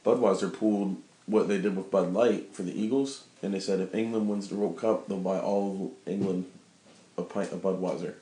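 Low, mellow young man, sarcastic. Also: steady tone, normal speed. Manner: dry, sarcastic quips. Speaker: podcast co-host. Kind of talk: casual chat. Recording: echoey room.

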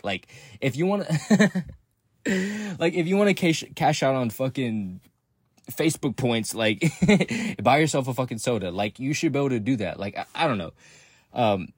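A man's voice: mid-range voice, breathy edge, no room sound, clean studio sound. A young man from Texas, hosting a podcast, ranting casually with lots of swearing, rambling restarts and frequent laughs. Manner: profane, rambling, laughs often, swings up into excited outbursts. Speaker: podcast host.

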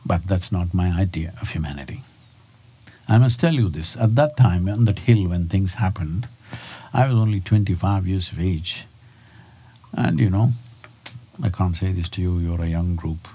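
A man's voice: low voice, moderate pace, pauses often, warm tone, husky. A man in his sixties, a spiritual teacher giving a talk to a live audience, prodding his listeners with rhetorical questions. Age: 60s.

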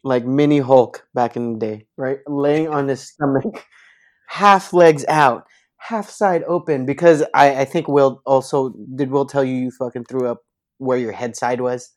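A man's voice: medium pitch, fairly even intonation, measured pace. Mid-range man as a casual podcast host; ribbing his guest, profane and loose. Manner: teasing, profane, pushes friend to tell the story. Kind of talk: casual chat.

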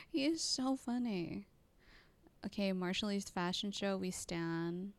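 A woman's voice: medium pitch, animated, slow. A woman hosting a reaction video, commenting casually and laughing often.

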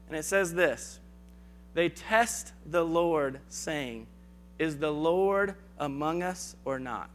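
A man giving a conversational sermon, acting out biblical dialogue in casual asides. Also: fairly high pitch. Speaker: preacher.

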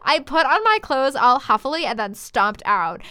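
A woman's voice: sits high, sing-song, moderate pace, pushed and bright, clean tone, no room sound. A woman reading fan fiction aloud with mock drama, swearing and laughing as she goes. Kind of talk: comedic dramatic reading and banter.

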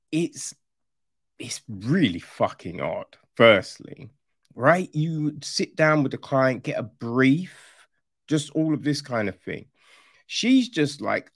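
A man rants his way through a casual review, sarcastic and openly incredulous, swearing as he goes. His voice sits a little high and swings widely in pitch, while the delivery stays slow and drawn out. The sound is close and dry, with no room around it. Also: husky, no room sound. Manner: rambling with restarts and frequent "right?". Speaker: film reviewer.

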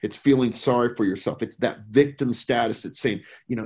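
A man's voice: medium pitch, moderate pace, a little mellow, husky. A middle-aged man from the United States talking casually and earnestly, emphatic and rambling with restarts. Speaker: podcast guest, veteran who worked overseas. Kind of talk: casual conversation.

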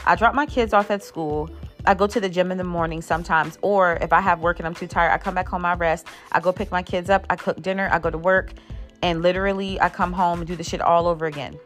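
Woman, 30s, lower voice, blunt venting vlogger, faint music under her. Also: fairly even intonation, fast. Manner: blunt, exasperated, swears freely. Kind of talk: casual ranting monologue.

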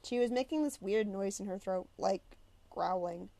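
A woman reading a novel aloud in the first person with a middle pitch. Her delivery is expressive and conversational, as if she were telling the story herself. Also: normal speed. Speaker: audiobook narrator. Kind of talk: scripted first-person narration.

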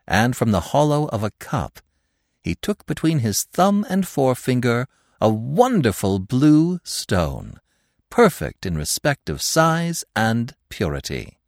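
Brief: male narrator reading classic fiction, expressive and very animated in pitch, close and dry. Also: no room sound. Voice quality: expressive, measured storytelling. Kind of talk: scripted narration of a classic tale.

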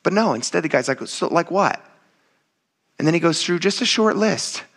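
Guy preaching to his church, bright forceful voice a bit on the high side, chatty and animated. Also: fast. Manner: animated, acts out voices in quoted dialogue; casual, addresses congregation as "you guys". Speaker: pastor. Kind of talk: sermon.

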